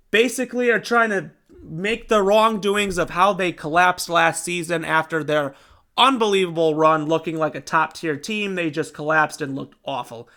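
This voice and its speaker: A young man hosting a sports show, giving casual game predictions in an excitable, animated way. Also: on the high side. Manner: excitable, animated fan talk.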